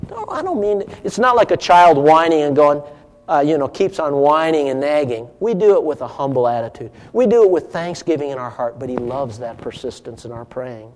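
A middle-aged man preaching a sermon as pastor, animated and emphatic, swinging between loud and hushed. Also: on the high side, a little fast, slight background noise. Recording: long hall reverb.

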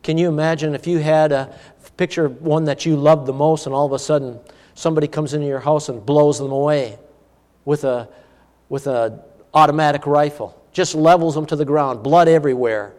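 A man preaching a sermon, animated, swinging between emphatic peaks and hushed asides. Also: on the high side, a little fast, long reverb tail.

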